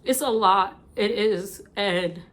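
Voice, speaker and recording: A woman's voice: mid-range voice, slow, a bit bright. Tearful young New York woman vlogging. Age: 20s. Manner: emotional, repetitive, heartfelt. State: crying. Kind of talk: casual chat.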